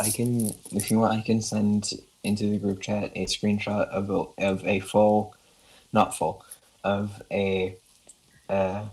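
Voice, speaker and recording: A woman chatting casually about a tabletop game, often halting and restarting her sentences. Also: extremely low pitch, rough recording. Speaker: player. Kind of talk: casual chat among friends.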